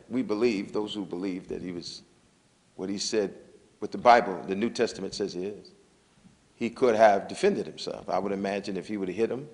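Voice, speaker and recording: A man speaks in a religious lecture in a relaxed, reflective manner. His voice sits somewhat low. It carries a long hall reverb. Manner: conversational, reflective.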